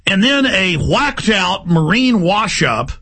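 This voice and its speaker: Fired up guy ranting on his show, bright sharp tone, kinda raspy. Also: high-pitched, very animated, takes it slowly. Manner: forceful, ranting, emphatic repetition. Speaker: talk show host. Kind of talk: impassioned monologue.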